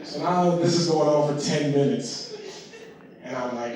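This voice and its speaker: A man with a slightly high voice works through a stand-up set, spinning a story and acting out his own reactions, with plenty of swearing. He is picked up from a distance on a live stage, so the sound comes through roomy and echoey. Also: a little slow, a crowd in the background. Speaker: stand-up comedian. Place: live comedy stage before an audience.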